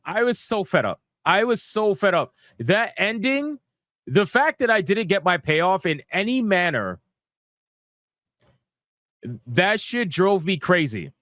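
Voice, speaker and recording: A man's voice: high-pitched, big pitch swings, takes it slowly, long pauses, fairly bright tone, dry recording. Exasperated man ranting about a game. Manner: exasperated, profane, repetitive ranting. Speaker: gaming commentator. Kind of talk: casual ranting commentary.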